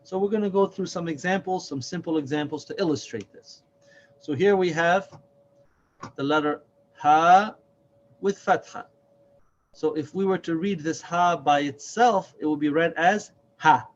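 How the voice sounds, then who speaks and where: Man, reading teacher, slow deliberate explanations, repeats sounds to demonstrate, muffled lo-fi audio, faint hiss. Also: fairly high pitch. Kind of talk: slow, patient recorded lesson.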